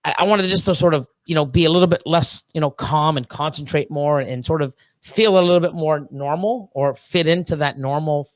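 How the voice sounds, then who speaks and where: A man in his thirties from Canada chats as a podcast guest in a slightly high voice. He is excitable and rambling, peppering his talk with swearing, fillers and restarts. The sound is close and dry. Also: a little fast, hardly any pauses, no echo. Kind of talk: casual chat.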